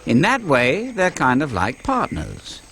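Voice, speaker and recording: A man's voice: fairly high pitch, huge pitch swings, measured pace. A man narrating a kids' wildlife program in a jokey, playful way. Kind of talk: scripted wildlife narration for kids. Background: music.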